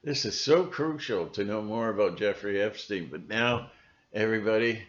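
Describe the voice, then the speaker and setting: A man's voice: lowish voice, moderate pace, lo-fi sound. A male video blogger ranting casually to camera, rambling and sarcastic, full of fillers and restarts.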